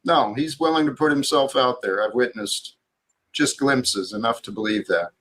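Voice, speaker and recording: A man hosting a live talk stream, earnest and halting, often restarting his sentences. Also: mid-range voice, a bit bright. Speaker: stream host.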